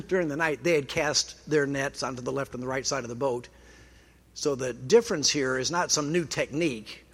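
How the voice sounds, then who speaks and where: A man preaching a sermon in a conversational way, with dry self-deprecating humor. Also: fairly high pitch. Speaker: pastor.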